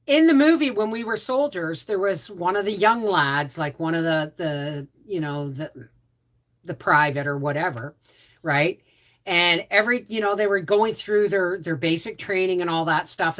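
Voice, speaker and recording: Slow-talking woman, bright voice. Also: lowish voice. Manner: rambling, with frequent restarts and asides. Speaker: homestead channel host. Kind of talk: casual livestream chat.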